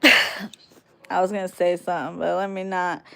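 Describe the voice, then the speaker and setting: A woman's voice: lowish voice, little pitch movement, unhurried, vocal fry, sharp tone, clean tone. A woman livestreaming casually, reading chat aloud and trash-talking viewers in a brash, drawling way.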